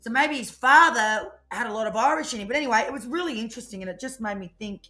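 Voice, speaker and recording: A woman's voice: on the high side, fast talker, soft background music. Chatty woman, rambling. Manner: chatty, rambling, animated storytelling. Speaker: tarot reader co-host. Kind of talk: casual live-stream chat.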